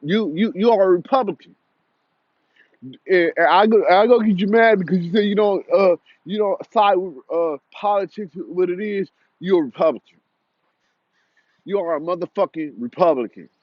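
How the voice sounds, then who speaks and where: A man's voice: sits high, moderate pace, no echo, lo-fi sound. A young man delivering a heated, repetitive, confrontational commentary rant.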